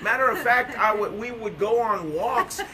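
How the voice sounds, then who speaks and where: Excitable high-voiced man cheering amens. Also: moderate pace, slight background noise. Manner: excitable, shouts hallelujahs and come-ons. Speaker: co-host of a faith talk show. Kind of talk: casual preaching chat.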